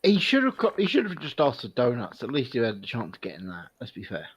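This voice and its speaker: A man's voice: medium pitch, wildly swooping pitch, quick pace, husky. A man co-hosting a casual stream who makes puns and plays innocent. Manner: punning, mock-innocent joker. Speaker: stream co-host.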